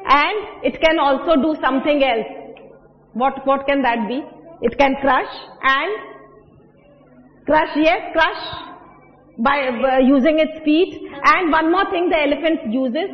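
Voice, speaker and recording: A woman's voice: high-pitched, slow. A woman teacher with an Indian accent explaining English words to pupils, asking them questions and mixing in Hindi. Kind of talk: classroom English lesson. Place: classroom. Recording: dull echoey classroom recording.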